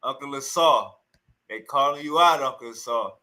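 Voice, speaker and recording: Bright-voiced man hyping and taunting. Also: medium pitch, moderate pace, rough recording. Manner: teasing, repeats taunts over and over. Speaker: streamer reacting to a call. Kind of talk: loud mocking commentary.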